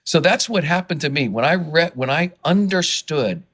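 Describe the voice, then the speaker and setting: On the high side and at normal speed, a man's voice comes from a fundraising consultant being interviewed on a podcast. Passionate and earnest, he gets excited and worked up, with frequent restarts and repeated words.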